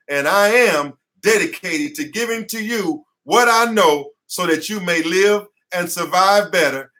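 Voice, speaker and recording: A man delivers an impassioned class lecture from his office, his voice high and bright with a forceful edge. He preaches more than he explains, hammering his points home through repetition. He is sweating as he speaks. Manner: fiery, preacher-like, repeats phrases for emphasis. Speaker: attorney and teacher.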